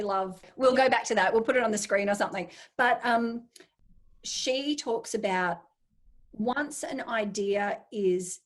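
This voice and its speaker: A woman, a make-up artist from Australia, chatting as an interview guest and acting out inner voices as she tells stories. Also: medium pitch. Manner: animated storyteller, acts out inner voices. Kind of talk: casual interview chat.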